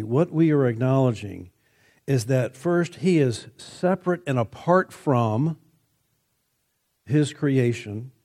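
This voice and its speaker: A man preaching a sermon, measured and emphatic, lifting his voice when he quotes scripture. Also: mid-range voice, warm tone.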